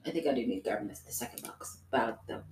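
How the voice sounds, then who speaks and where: A woman's voice: a bass voice, lively intonation, fast, a little mellow, a little hiss or hum. A woman co-hosting a casual live podcast, laughing often and swearing freely as she talks. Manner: laughs a lot, loose and profane. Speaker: podcast co-host. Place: room at home, pouring tea. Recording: echoey room.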